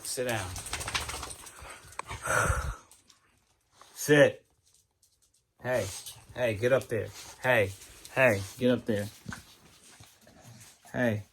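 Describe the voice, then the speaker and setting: A man's voice: mid-range voice, drawn-out words, long pauses, slight background noise. Casual man reviewing a TV episode. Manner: animated, talks straight to viewers, scolds his dog.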